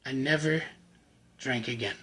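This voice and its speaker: A man giving an earnest, emotional personal faith testimony to the camera, often halting and repeating words. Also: medium pitch, fairly bright tone, husky, poor audio. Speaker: channel host sharing his recovery testimony.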